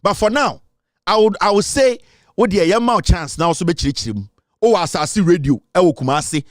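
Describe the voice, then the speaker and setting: A man's voice: high voice, lively intonation, fairly quick, dry recording, studio quality. A man from Ghana with a Ghanaian English accent, delivering a mocking, taunting political rant as a commentator and laughing often. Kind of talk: ranting online commentary.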